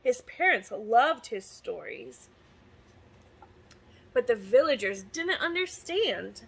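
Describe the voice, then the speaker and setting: A woman reading a picture book aloud to children with expressive, sing-song storytelling. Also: a little high, slow, gravelly, breathy edge, poor audio. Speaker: student success advisor reading to children.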